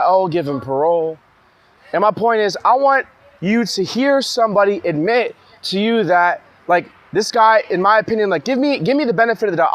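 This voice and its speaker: A young man in a heated, rambling monologue, speaking in an agitated way full of restarts. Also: high voice. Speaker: vlogger ranting to camera.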